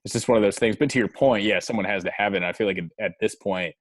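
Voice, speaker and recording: Deep-voiced, halting young male guest. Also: a crowd in the background. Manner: halting, hedging, swears casually. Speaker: guest, musician. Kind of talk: casual chat.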